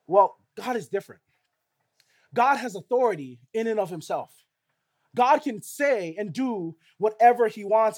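High-voiced man preaching a casual sermon. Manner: conversational, asks the audience rhetorical questions. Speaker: pastor.

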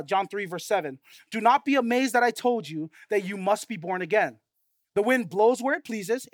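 A man in his thirties preaching a sermon as pastor, conversational and animated, telling stories with frequent asides. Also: high-pitched, no room sound, studio quality.

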